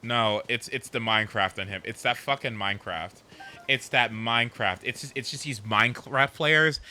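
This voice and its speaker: A man chatting casually while streaming a game, rambling and animated, with swearing and sudden whoops. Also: mid-range voice, normal speed, a little hiss or hum. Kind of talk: casual gameplay chat.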